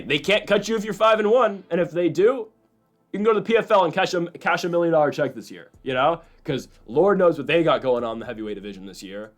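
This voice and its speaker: A young man casually hosting fight predictions, rambling with lots of fillers and side jokes. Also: a little high. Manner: rambling, fast, full of fillers and asides. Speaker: host making fight predictions. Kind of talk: casual commentary.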